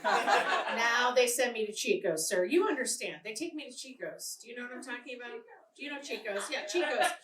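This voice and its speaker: A woman's voice: on the high side, animated, fairly quick. A middle-aged woman from Boston with a Boston accent, doing a brash, bawdy live stand-up routine and working the crowd. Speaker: stand-up comedian. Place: comedy club stage before a live audience. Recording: echoey club recorded from far off, loud crowd noise. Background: audience laughter and applause.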